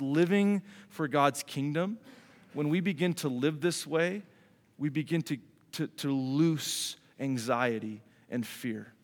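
A man's voice: on the high side, big-room sound. A pastor giving a sermon to his congregation in an earnest, conversational way, often repeating words as he goes.

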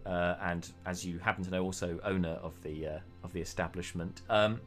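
A man's voice: sits low, steady tone, a little fast, few pauses, faint music behind. A man narrating as game master of a tabletop game, rambling with many hesitations. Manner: rambling, many fillers and restarts.

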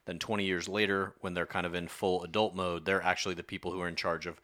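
A man's voice: deep voice, flat delivery, fast, a bit bright. A man as podcast guest, earnestly explaining a theory in casual chat.

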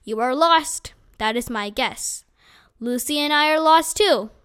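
A woman voicing a big bearded wandering man who speaks in a gentle, courtly, playful way in a storybook reading. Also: high-pitched, a little slow. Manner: courtly, playful, formal wording.

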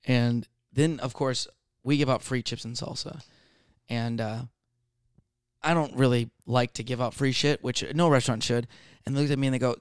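A man who works as a restaurant server, telling work stories in an animated, exasperated way in a casual chat. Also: medium pitch, a little fast, smooth, no room sound, clean studio sound. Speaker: restaurant server, podcast co-host.

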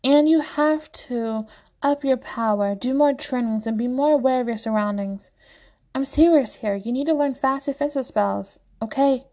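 A woman voicing a firm, caring middle-aged mother who speaks slowly and sets rules. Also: sits high, mellow, voice pushed up.

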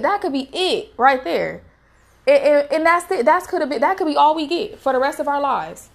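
A woman with a fairly high voice gives a casual devotional talk to her viewers. She speaks earnestly and urges them on the way a preacher would. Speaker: faith vlogger sharing a devotional message.

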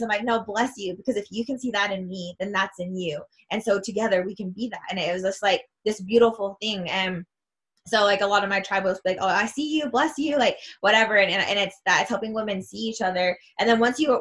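A woman coach talking in a relaxed podcast chat, earnest and gushing. She keeps breaking into excited, emphatic bursts, with a medium-pitched, everyday voice. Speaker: women's self-love coach. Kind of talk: casual podcast conversation.

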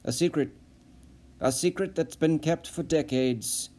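A man's voice: fairly high pitch, a little slow, darkish tone, lightly acted. A man doing a shrewd veteran spy. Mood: grave. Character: shrewd seasoned male spy, dry and probing.

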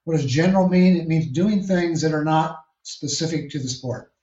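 A man, a triathlon coach, answering interview questions in a measured, explanatory way with frequent restarts. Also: fairly high pitch, dark tone. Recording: echoey distant lo-fi call.

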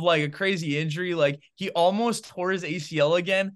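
High-voiced and fairly fast with barely a pause, a man on a sports podcast rattles off opinionated football views in animated, casual talk, sprinkling in "bro" and "man" constantly.

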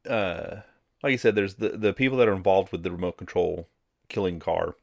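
Deep-voiced man recapping a movie plot. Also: fairly quick, gravelly, a little mellow, no room sound. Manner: rambling plot recaps with fillers. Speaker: podcast co-host. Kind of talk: casual movie review chat.

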